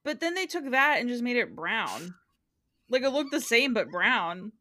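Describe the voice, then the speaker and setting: A woman's voice: fairly high pitch, sing-song, moderate pace, pushed and bright, no echo. A woman recapping a show in casual podcast chat, giggly, with dry jokes.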